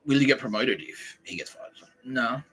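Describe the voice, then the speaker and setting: A man's voice: mid-range voice, normal speed, sharp tone, breathy edge, rough recording. A man hosting a podcast, ranting in a sweary, rambling monologue. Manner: sweary, ranting, quotes people in put-on voices. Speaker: podcast host.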